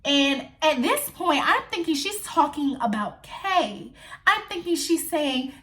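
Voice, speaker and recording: A young woman chats straight to her viewers in a casual storytime, swearing freely and calling them y'all. Her voice sits a little high and she tells the tale with lively, animated energy. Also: a little slow. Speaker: vlogger.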